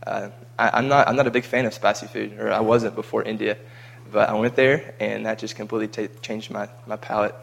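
Casual guy, low gravelly voice, flat delivery, rambling travel chat. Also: a little fast, few pauses. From United States. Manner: chatty and rambling, with frequent repeated words. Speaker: vlogger recounting a mission trip.

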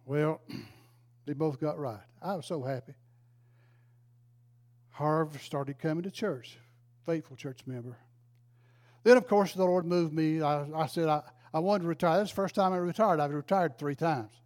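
A man's voice: fairly high pitch, unhurried, pauses often, a little mellow. An older man, a retired pastor, telling a folksy, emotional story in a sermon. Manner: folksy, emotional, exclaims praise.

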